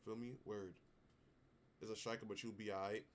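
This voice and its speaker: A man's voice: on the low side, level tone, moderate pace, a little hiss or hum. A young man with a New York accent, chatting casually with slangy asides while reacting on a live stream.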